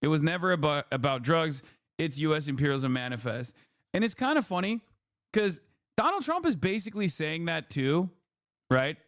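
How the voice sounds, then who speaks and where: A male streamer gives news commentary in a sarcastic, swearing, rambling manner. His voice is fairly high for a man and sounds dry and close to the mic. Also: animated, normal speed, a bit bright, dry recording.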